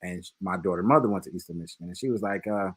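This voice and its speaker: A man's voice: deep voice, racing, husky. A man, hosting a casual podcast chat and telling stories loosely, swearing freely. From Detroit, USA. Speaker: podcast host.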